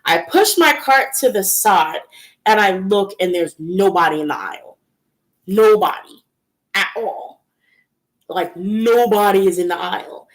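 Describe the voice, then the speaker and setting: A young woman hosts a casual tarot-channel livestream, telling personal stories in a medium-pitched, expressive and unhurried voice. She chats freely, filling her lines with "like" and "um" and laughing between them.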